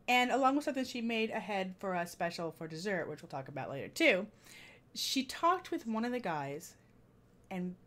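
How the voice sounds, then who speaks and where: A woman vlogger casually telling a story about a dinner out, chatty and animated, laughing often as she recounts it. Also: on the low side.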